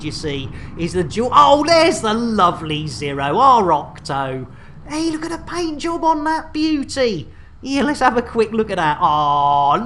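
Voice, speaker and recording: Lively, jokey British woman streamer. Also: medium pitch. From United Kingdom. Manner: jokey and chatty, laughs often, repeats catchphrases. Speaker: game streamer host. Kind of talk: casual gaming livestream chat.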